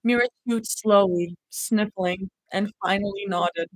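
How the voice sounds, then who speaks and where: A woman reading fanfiction aloud in an expressive, heartfelt live reading. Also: mid-range voice, unhurried, no room sound, poor audio. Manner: expressive reading with emotional reactions. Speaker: fanfiction reader.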